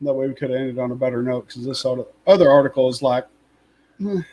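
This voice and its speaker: A man's voice: mid-range voice, fast, darkish tone, poor audio. A man co-hosting a casual fan chat, rambling and opinionated, with lots of fillers and asides. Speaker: podcast co-host.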